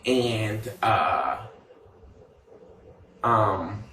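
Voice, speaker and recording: A man's voice: on the low side, drawn-out words, bright, forceful tone, echoey room, recorded from a distance, a little hiss or hum. A man chatting casually on a livestream, sassy and gossipy, with many fillers and asides.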